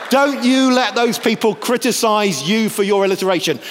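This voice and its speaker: A man from the north of England, giving a lively academic lecture with jokey asides. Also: high voice, moderate pace, in a large hall, background noise.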